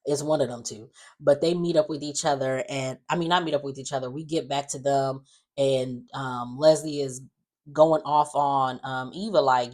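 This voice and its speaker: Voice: mid-range voice, fairly even intonation, normal speed, a little mellow. A host recapping a soap opera in casual, opinionated chat, full of fillers and side comments. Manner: chatty and opinionated, many fillers and asides.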